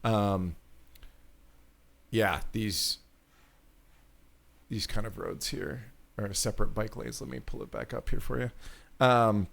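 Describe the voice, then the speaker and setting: A man's voice: lowish voice, steady tone, slow pace, vocal fry, long pauses, a bit bright. A man hosting a podcast, chatting casually with many fillers and restarts. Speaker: podcast host. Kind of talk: casual chat.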